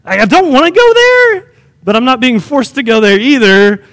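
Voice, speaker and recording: A man's voice: very high-pitched, big pitch swings, moderate pace, fairly bright tone, in a large hall, voice pushed up, full character voice. A man voicing a nervous, evasive man on the run who stammers and hesitates. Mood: sheepish.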